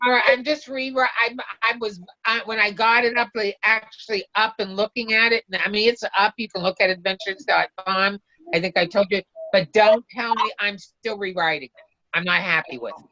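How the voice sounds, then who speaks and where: A woman's voice: mid-range voice, steady tone, moderate pace, sharp tone, dry recording. Rambling woman on a dull call. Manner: rambling, restarts and trails off. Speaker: independent travel agent in training. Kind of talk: casual video call chat. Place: home, sitting on a pull-out couch. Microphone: video call.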